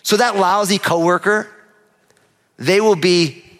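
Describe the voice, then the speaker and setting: A middle-aged pastor from New Jersey preaches with a lively, conversational delivery, slipping into quoted voices to make his points. His voice sits a bit high for a man. It rings out with a long reverb across a large church hall. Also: unhurried. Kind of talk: sermon.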